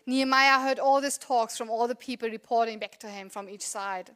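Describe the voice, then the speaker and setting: A woman's voice: a little high, brisk, fairly bright tone. A woman in her thirties preaching a sermon in a conversational, earnest way, asking the congregation rhetorical questions. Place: church.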